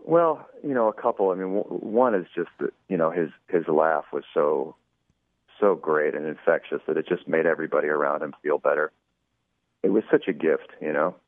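A man's voice: rumbling low, normal speed, no echo. A man, producer of a radio show, telling an anecdote as an interview guest in a chatty style, acting out quoted dialogue with many "you know"s over a phone line.

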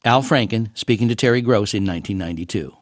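A man hosting a radio program, reading a measured, informative script. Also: on the low side, dry recording, studio quality. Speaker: radio host. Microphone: studio microphone.

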